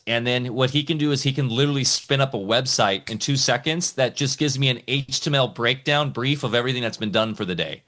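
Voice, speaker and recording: A man speaking as a guest on a casual podcast, an entrepreneur talking excitedly in rambling bursts with many restarts. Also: medium pitch, fairly quick, few pauses.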